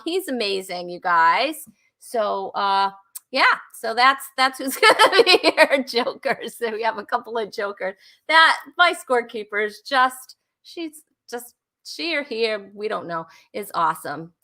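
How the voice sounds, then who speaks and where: A woman's voice: fairly high pitch, animated, measured pace, sharp tone. A woman hosting a live online comedy talk show, chatting casually and laughing often. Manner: giggly and bubbly, laughs often. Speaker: host.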